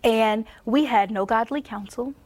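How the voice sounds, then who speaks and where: A woman giving a Christian testimony sermon on marriage. She laughs often and drops to a soft near-whisper for emphasis. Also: a little high, a little slow.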